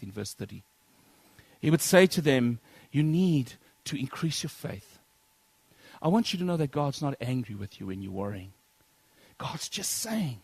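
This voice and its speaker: Husky preacher man, dynamic delivery. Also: on the high side, no echo. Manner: dynamic, swings between loud declaiming and soft near-whispers; addresses congregation as brethren. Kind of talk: sermon.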